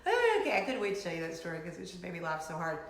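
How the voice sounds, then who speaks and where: A middle-aged woman hosting her weekly chat show, telling stories in an animated, giggly way, recorded in an echoey room. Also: lowish voice, rapid-fire. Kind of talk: casual chat to camera.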